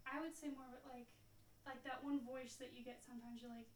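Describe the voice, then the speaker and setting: Woman, brisk and high-pitched, plays the frank friend coaching takes. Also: steady tone, slight background noise. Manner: direct, giving blunt notes. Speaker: friend directing the recording. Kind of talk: casual coaching chat.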